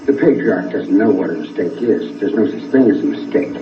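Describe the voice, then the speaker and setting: Interviewee, male, rambling and animated, old phone-thin, echoey archive tape. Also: a little fast, distant mic, highs cut off. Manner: rambling, swings from low drawl to high heated outbursts.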